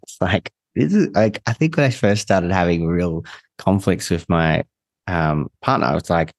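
A man's voice: deep voice, moderate pace, no room sound. A man talking as a therapist guest on a podcast, candid and casual, swearing now and then, with a sarcastic streak.

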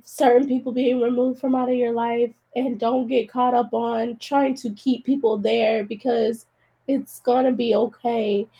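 A woman's voice: sits high, gravelly, dark tone. A tearful woman hosting a solo podcast, talking casually and encouraging her listeners while she cries. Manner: emotional, encouraging, addresses listeners as y'all. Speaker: podcast host.

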